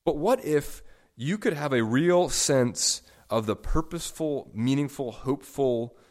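Guy preaching a sermon, mid-pitched voice, gets loud then drops quiet for emphasis. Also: expressive, a little slow. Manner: emphatic, with sharp swings in loudness; repeats and stacks words for stress. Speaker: pastor.

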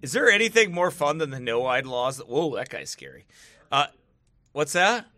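A man's voice: medium pitch, big pitch swings, moderate pace, pushed and bright, no room sound. A man giving casual commentary to camera, mocking and often laughing between remarks, turning preachy when he gets serious. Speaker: online video commentator.

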